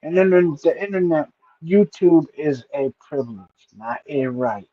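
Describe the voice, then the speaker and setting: A man in casual stream chat who talks haltingly and gropes for his words. His voice sits at a middling pitch. The recording is dull and lo-fi. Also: animated. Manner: hesitant, searches for words. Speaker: streamer co-host.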